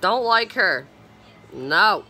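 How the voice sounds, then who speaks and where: A tired woman in her thirties chatting on a casual morning vlog at home, filmed on a phone camera, chatty and animated with sing-song teasing. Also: medium pitch, drawn-out words, faint music behind. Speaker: vlogger. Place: home, indoors.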